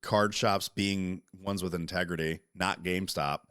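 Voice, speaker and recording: A man chatting casually as a podcast co-host, animated and profane, talking over interruptions. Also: sits low, unhurried, clean tone, no room sound, clean studio sound. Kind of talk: casual chat.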